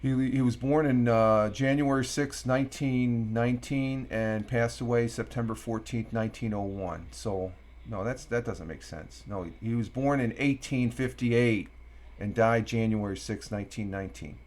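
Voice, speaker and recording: A middle-aged man from Upstate New York hosting a casual morning live stream, rambling with many fillers and reading quotes out slowly. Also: medium pitch, fairly even intonation, a little mellow.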